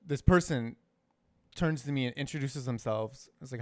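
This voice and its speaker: A man's voice: medium pitch, a little fast, clear, resonant tone, no echo. A man co-hosting a podcast in casual chat, laid-back and hesitant with many fillers. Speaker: podcast co-host.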